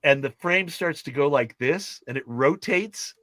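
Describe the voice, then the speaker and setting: A man's voice: a little high, measured pace, fairly bright tone, no room sound. A man retelling film scenes in casual chat, acting out the characters' lines as he goes. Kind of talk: animated storytelling in casual chat.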